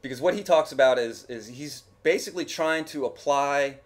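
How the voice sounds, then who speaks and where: A man's voice: medium pitch, normal speed. A man talking casually over his gameplay footage as a YouTube gamer, rambling and joking with his viewers. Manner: rambling, chatty, jokey. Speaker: gaming YouTuber.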